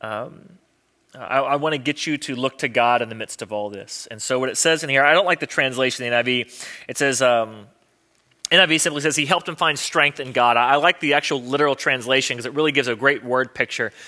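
A man's voice: mid-range voice, brisk, bright, forceful tone. A man preaching a sermon as pastor in a conversational, earnest way with wry humor.

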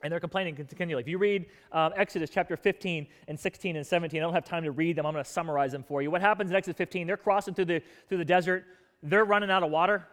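A man preaching in church with a high-pitched, lively delivery. He tells stories with energy and acts out complaining crowds in quoted voices, his volume swinging between loud outbursts and quiet asides. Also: racing, big-room sound. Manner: animated storytelling, acting out grumbling crowds in quoted voices. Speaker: pastor. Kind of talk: sermon.

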